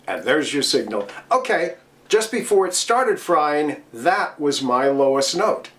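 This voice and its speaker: A man's voice: fairly high pitch, sing-song, unhurried, fairly bright tone. A middle-aged man teaching voice technique, explaining patiently and demonstrating with his own voice. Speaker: voice coach speaking to DJs. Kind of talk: instructional talk at a virtual convention.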